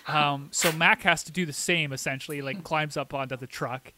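A man's voice: on the high side, fairly even intonation, moderate pace, noisy background. A man co-hosting a podcast, casually recapping an episode in a chatty play-by-play and briefly mimicking the characters' lines. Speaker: podcast co-host.

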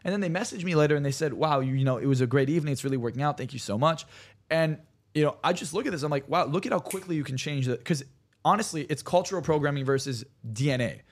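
A man, a hypnotherapist on a podcast, telling stories in a rapid, animated and profane way. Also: on the high side. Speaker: hypnotherapist guest. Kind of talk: casual podcast chat.

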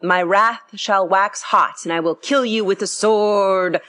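A woman reading aloud and voicing a male preacher who bellows scripture slowly. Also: medium pitch, fairly bright tone, close to an everyday voice. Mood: bellowing. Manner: bellowing, slow, drawn out.

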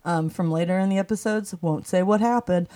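A woman's voice: lowish voice, fairly quick, warm tone. A woman co-hosting a podcast in an attic, chatting casually in a rambling way and laughing mid-sentence. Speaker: podcast co-host. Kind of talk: casual chat.

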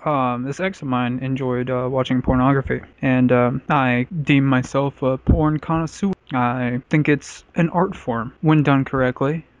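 A man's voice: mid-range voice, fairly even intonation, measured pace, hardly any pauses, no room sound. Man, casual crude chat, rambling, filler words, dry dull audio. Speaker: podcast host telling a story.

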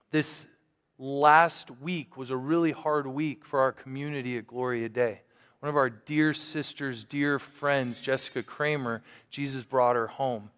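A man's voice: medium pitch, fairly bright tone, clean tone, long reverb tail. A man preaching a storytelling sermon as a pastor, earnest and conversational, often restarting his sentences.

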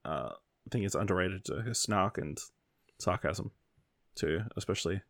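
A man co-hosting a casual film podcast, laid-back and often trailing off quietly. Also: low voice, expressive, normal speed, gravelly, no room sound, studio quality. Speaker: podcast co-host.

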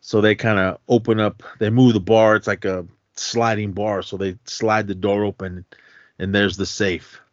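A man's voice: on the low side, level tone, normal speed, no room sound. A man co-hosting a podcast, casually retelling a film's plot in a rambling way with lots of fillers and self-corrections. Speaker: podcast co-host. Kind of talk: casual movie recap. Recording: dull, dry lo-fi podcast recording.

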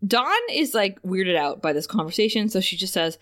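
A woman's voice: mid-range voice, a little fast, hardly any pauses, pushed and bright. Laughing woman recapping a TV episode. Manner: laughing often, acting out lines in playful voices. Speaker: podcast co-host. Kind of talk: casual chat recapping a TV episode.

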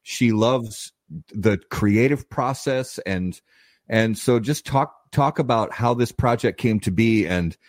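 A male host asking a guest a long, halting question with frequent restarts. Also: on the low side, no echo, clean studio sound. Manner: halting, restarts often while setting up a question. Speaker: podcast host. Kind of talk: interview questions.

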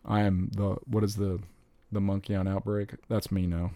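A man in casual chat, rambling and excitable, swearing freely as he talks about movies. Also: low-pitched, moderate pace, no room sound. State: recently recovered from covid.

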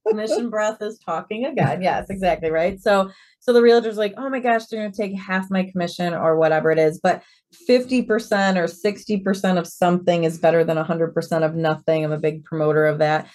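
A woman in her forties, a real estate broker and podcast guest, telling stories in a lively way and acting out the quoted dialogue. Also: on the low side, a little fast. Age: 40s. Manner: lively storyteller who acts out quoted dialogue. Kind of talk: conversational interview storytelling.

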